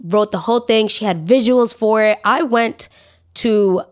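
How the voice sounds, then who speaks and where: A woman's voice: on the high side, a little slow. A woman hosting a podcast, ranting in a casual, dramatic way with exaggerated asides. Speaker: podcast host. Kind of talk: casual opinion monologue.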